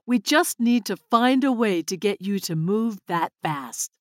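A woman voicing a calm physicist explaining ideas in a measured way. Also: medium pitch, no echo, studio quality, natural voice.

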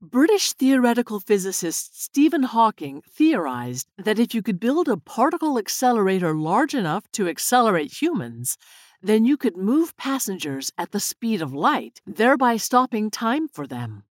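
A woman voicing a calm physicist explaining ideas in a measured way. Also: mid-range voice, dry recording, studio quality, close to an everyday voice.

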